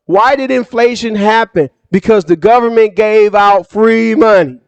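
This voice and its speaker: A man ranting casually to camera about money, emphatic and slangy, with quick bursts and asides. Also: sits high, clean tone, dry recording, dull audio. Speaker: finance YouTuber. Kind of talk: casual direct-to-camera rant.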